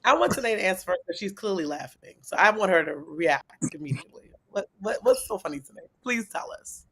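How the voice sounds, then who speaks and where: Woman, co-host, casual livestream chat, animated, laughing, somewhat low voice. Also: a little fast, slightly rough. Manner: animated, laughing, jumps between loud and soft.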